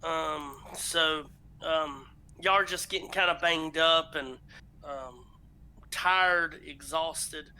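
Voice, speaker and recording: A man with a drawl narrates a tabletop game at a very slow, halting pace. His voice is bright and a bit high. He pauses often on ums and uhs. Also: smooth. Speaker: game master.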